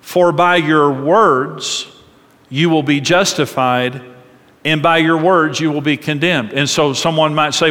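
A man's voice: on the high side, normal speed, fairly bright tone, long reverb tail. A man preaching a sermon as pastor, earnest and emphatic, often repeating words as he drives a point home.

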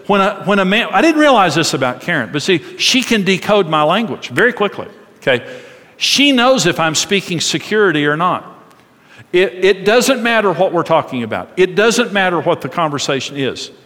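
Middle-aged male pastor, earnest sermon delivery, a touch high-pitched, in a reverberant hall. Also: sing-song, normal speed. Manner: earnest preaching, drops soft and low for quoted tender words.

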